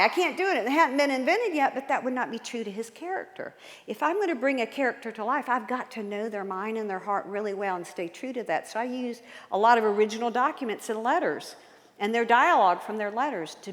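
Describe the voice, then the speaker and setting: A woman author giving an enthusiastic history talk to a live audience in a church, often quizzing them with questions. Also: medium pitch. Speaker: guest speaker and author. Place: large church hall. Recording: long hall reverb.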